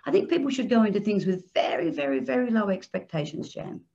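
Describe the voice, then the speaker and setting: A woman author talking casually on a video call, animated and self-mocking, often calling people "love". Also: medium pitch, quick pace, creaky. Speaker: author guest. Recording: dull lo-fi video-call audio.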